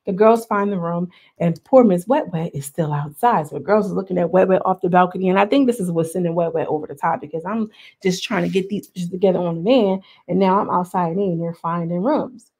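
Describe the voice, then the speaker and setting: A woman giving casual, slangy commentary as she recaps a reality show episode, full of animated asides. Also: on the low side, brisk, husky.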